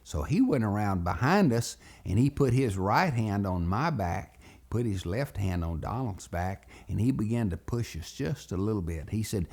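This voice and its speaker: Animated, gravelly male storyteller. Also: fairly low pitch, measured pace. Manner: animated, acts out voices. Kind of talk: children's storytelling lesson.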